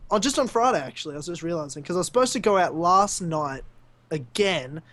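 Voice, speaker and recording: High-voiced Australian man telling stories. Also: fast. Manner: animated storyteller, laughs often. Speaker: podcast co-host. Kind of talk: casual storytelling chat.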